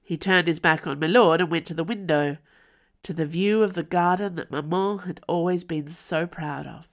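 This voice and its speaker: A woman's voice: fairly low pitch, normal speed, lo-fi sound. A woman author from Tasmania, reading her fiction aloud as podcast narrator. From Tasmania, Australia.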